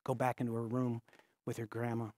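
A male pastor telling a story in a sermon in a conversational way, stopping and restarting his sentences and often dropping to a hushed voice. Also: mid-range voice, completely flat delivery, brisk, no room sound, clean studio sound.

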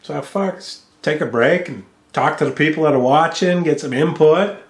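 A man's voice: a little high, moderate pace, echoey room. A man ranting angrily in a profane home vlog, cursing and mocking someone as he talks into a studio microphone. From United States. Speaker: vlogger. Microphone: studio microphone with mixing board.

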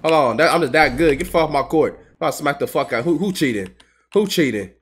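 A young man giving casual gameplay commentary as a streamer, full of profane trash talk aimed at his opponents and quick bursts of excitement. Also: fairly high pitch, breathy edge. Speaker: gaming streamer.

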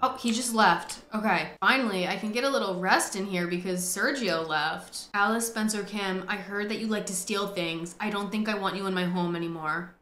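A woman hosting a gameplay video, chatting excitably, swearing and talking to the characters on screen. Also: medium pitch, moderate pace, hardly any pauses, roomy sound, soft background music. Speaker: gaming host. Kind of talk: casual gameplay commentary.

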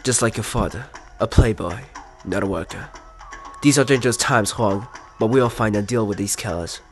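A man's voice: on the low side, moderate pace, soft background music, close to an everyday voice. A man putting on a stern British crime uncle. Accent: put-on British. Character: stern scheming older male crime-family uncle.

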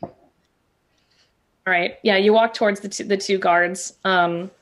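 A woman's voice: medium pitch, steady tone, unhurried, a bit bright. A woman narrating a tabletop game as dungeon master in a playful way, laughing often.

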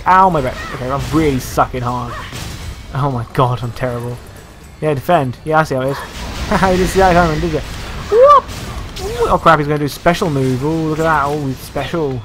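A man's voice: on the high side, fast, music in the background. A man giving casual, joking and sarcastic commentary while playing a video game. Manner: joking, sarcastic, self-mocking. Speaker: gameplay commentator.

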